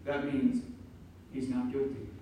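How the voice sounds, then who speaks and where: A man preaching an emphatic sermon as pastor, building to loud peaks. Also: mid-range voice, level tone, unhurried, slight background noise. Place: church sanctuary. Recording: echoey room from far off.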